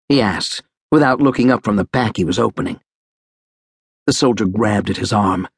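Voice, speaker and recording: A man narrating an audiobook in a measured, even storytelling manner. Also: fairly low pitch, vocal fry, slightly rough, no room sound, clean studio sound. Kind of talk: scripted narration.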